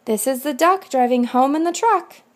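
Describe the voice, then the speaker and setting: A woman volunteer reading a rhyming picture book aloud, slow, rhythmic and expressive. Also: sits high. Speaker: volunteer reader.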